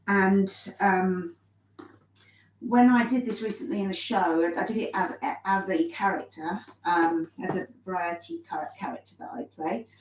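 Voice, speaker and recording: A woman's voice: on the low side, steady tone, moderate pace, slight background noise. Slightly breathless woman teaching dance. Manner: chatty, many ums, self-correcting. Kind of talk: live online dance lesson. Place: kitchen of a small bungalow. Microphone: phone set on the floor. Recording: roomy sound from a distance.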